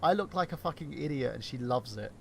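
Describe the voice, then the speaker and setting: A man's voice: mid-range voice, expressive, brisk, vocal fry, slight background noise. A young adult man co-hosting a casual podcast, chatting loosely and swearing freely. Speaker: podcast co-host. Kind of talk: casual banter.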